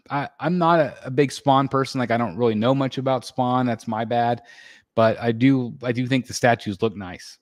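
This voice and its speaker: Reading his chat on a casual live stream, a man from the United States chats loosely, rambling with lots of fillers and restarts. He has an ordinary medium-pitched voice, picked up close and dry by a desk mic with no room sound at all.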